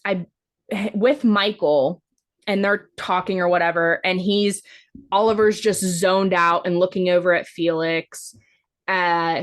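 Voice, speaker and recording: A woman co-hosting a podcast, recapping a film in a casual, rambling way, full of "like" fillers and the odd swear word. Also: on the low side. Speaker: podcast co-host. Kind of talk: casual movie-review chat.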